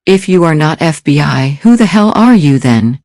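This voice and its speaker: A man voicing a suspicious, hostile former policeman who speaks bluntly and threateningly, pitched a bit higher and louder. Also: normal speed, no echo, studio quality, lightly acted. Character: tense, hostile male ex-cop, suspicious.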